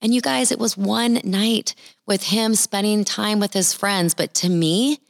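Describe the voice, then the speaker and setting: A woman's voice: medium pitch, takes it slowly, no room sound, studio quality. A middle-aged woman sharing a Christian testimony in an earnest, heartfelt storytelling manner. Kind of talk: personal testimony talk.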